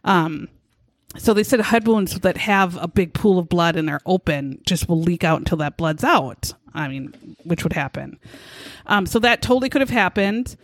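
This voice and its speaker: A woman's voice: fairly low pitch, lively intonation, normal speed, dry recording. Blunt, foul-mouthed woman telling a crime story. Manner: blunt, profane, indignant storytelling. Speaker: podcast co-host recounting a true crime case. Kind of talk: casual chat.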